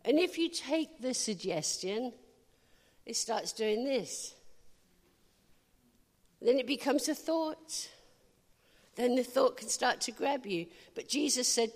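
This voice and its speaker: A woman preaching a sermon, telling a personal story with lively, animated delivery and bursts of laughter. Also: fairly high pitch, slow pace, long pauses, in a large hall.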